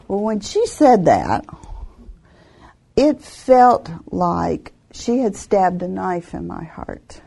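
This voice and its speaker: A woman telling a personal faith testimony in an earnest, reflective way, with soft laughs now and then. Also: mid-range voice, lively intonation, takes it slowly, creaky.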